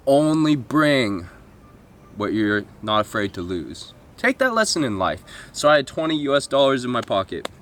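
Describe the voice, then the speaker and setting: Male travel vlogger, mid-pitched, rambling comic storyteller, swears freely, mocks himself, outdoor chat. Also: fairly bright tone. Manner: swearing, self-mocking, with mimicked voices and asides.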